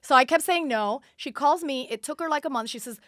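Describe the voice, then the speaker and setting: A woman in her forties from Puerto Rico tells a story on a podcast, her fairly high voice bouncing as she acts out every line of dialogue. The sound is dry and close, with no room around it. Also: a little fast, dry recording. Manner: acts out quoted dialogue, lively and chatty. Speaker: guest. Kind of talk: animated storytelling. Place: podcast studio.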